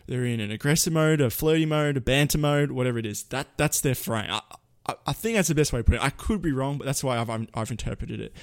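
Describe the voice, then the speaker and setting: Casting note: young man, mid-pitch voice, dry close sound, loose tutorial delivery with plenty of restarts. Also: no echo. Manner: lively, rambling, frequent self-corrections. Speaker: presenter giving storytelling tips. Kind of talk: casual spoken tutorial.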